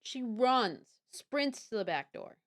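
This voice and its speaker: A young woman chatting casually on a live stream, bubbly and swinging between quiet mumbling and squealed greetings. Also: fairly high pitch, animated, slow pace. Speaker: livestreamer.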